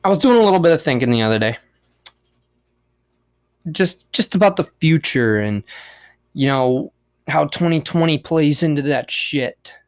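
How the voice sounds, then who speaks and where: A young man hosting a casual solo podcast, ranting in a profane, rambling way with big swings in pitch and loudness. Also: lively intonation, moderate pace, pauses often. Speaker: podcast host.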